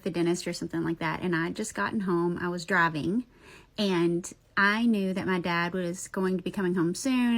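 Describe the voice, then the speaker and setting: Animated woman telling ghost stories. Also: mid-range voice. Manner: animated, blunt, swears freely. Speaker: paranormal storyteller. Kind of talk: casual storytelling.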